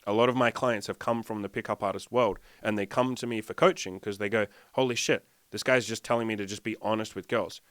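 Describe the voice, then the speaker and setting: Male dating coach, blunt and profane, lowish voice, dry close sound, acts out bits of dialogue. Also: fairly even intonation, fairly quick, hardly any pauses, fairly bright tone, no echo. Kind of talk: casual monologue to camera.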